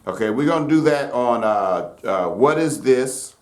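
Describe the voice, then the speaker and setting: A man teaching gospel piano in a relaxed, folksy way, with many fillers and loud piano under his talk. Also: mid-range voice, a little slow. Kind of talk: casual piano lesson. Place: room with piano. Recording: roomy echo over loud piano.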